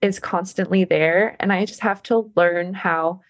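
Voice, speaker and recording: A woman's voice: lowish voice, fairly even intonation, unhurried, dry recording. A young woman, a professional climber, chatting in a casual podcast interview, laughing often and talking with many fillers.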